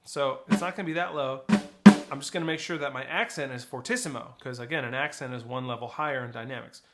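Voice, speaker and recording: A man's voice: medium pitch, fast talker, over loud music. A man teaching snare drum technique, explaining flams and rolls and counting rhythms aloud. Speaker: percussion teacher. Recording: loud drumming behind the voice.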